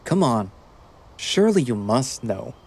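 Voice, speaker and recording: A man's voice: mid-range voice, very animated, unhurried, darkish tone, husky, full character voice. A man voicing David, a frustrated young best friend, in a visual novel reading with faint music behind. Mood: friendly, awkward. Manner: pleading, earnest, swearing when upset.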